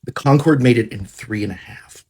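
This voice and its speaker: A man's voice: mid-range voice, moderate pace, gravelly, a little mellow, breathy edge. A man enthusiastically explaining a story in a casual, chatty way.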